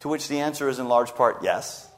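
A man's voice: medium pitch, a little fast. A man preaching a sermon, retelling a scripture story and voicing the people in it. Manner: lively storytelling preacher, voicing quoted speakers. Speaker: pastor.

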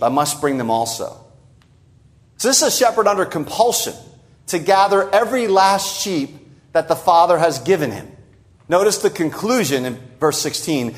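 A man preaching an expository sermon, stressing key phrases and quoting scripture slowly for emphasis. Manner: emphatic, rising on key phrases and dropping low at the ends of lines; repeats words for stress and quotes scripture in a slowed voice.

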